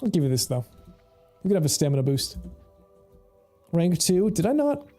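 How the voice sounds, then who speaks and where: Casting: a mellow-voiced, slightly high man as a chatty, foul-mouthed game streamer. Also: very animated, moderate pace, soft background music. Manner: rambling, laughs often, swears freely. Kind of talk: casual gameplay commentary.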